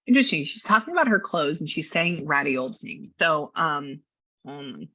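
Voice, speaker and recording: A woman psychic giving a casual reading, chatty and quick to act out what people say in lively voices. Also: low-pitched, slightly rough, no echo. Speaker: psychic medium and astrology reader. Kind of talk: casual one-on-one reading session. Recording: dull lo-fi sound.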